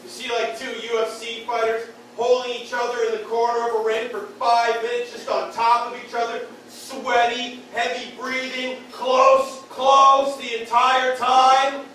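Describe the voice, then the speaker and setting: A man's voice: very high voice, completely flat delivery, normal speed, few pauses, fairly bright tone. A man doing a stand-up comedy set of crude one-liners in a beer hall, jabbing at the crowd. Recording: echoey room from far off, bar noise.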